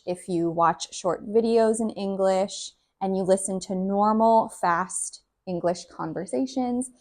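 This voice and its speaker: A woman English teacher who explains slowly and clearly and repeats example phrases for learners. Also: mid-range voice.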